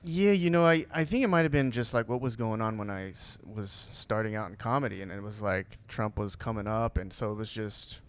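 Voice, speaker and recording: A man's voice: on the low side, brisk, hardly any pauses, smooth. A man chatting as a guest on a podcast, rambling and self-deprecating, with restarts and trailing fillers. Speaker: podcast guest, actor and comedian. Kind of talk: casual podcast chat.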